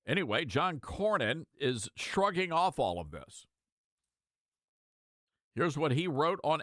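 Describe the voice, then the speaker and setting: A male talk radio host giving sarcastic, animated commentary with mocking asides. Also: a little high, takes it slowly, pauses often, no room sound, clean studio sound.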